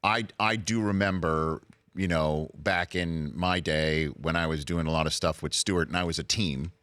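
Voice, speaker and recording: Male talk-show host, lowish voice with a bright, forceful edge. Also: fairly even intonation, normal speed, dry recording. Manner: jokey, leading questions.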